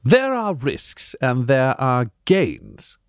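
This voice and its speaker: A man playing a composed noble in a tabletop game, measured and formal, weighing risks with cool calculation. His pitch rises and falls very expressively. The recording is dry and close. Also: huge pitch swings, clear, resonant tone, dry recording, exaggerated voice. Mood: calculating. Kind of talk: tabletop role-play.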